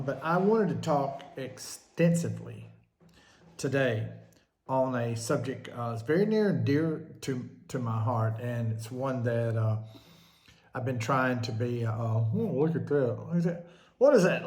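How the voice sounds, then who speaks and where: A middle-aged man who is a minister, talking casually in a rambling, jokey monologue that keeps getting sidetracked and is full of fillers. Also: mid-range voice. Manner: chatty, jokey, easily sidetracked, many fillers. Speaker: minister hosting a show.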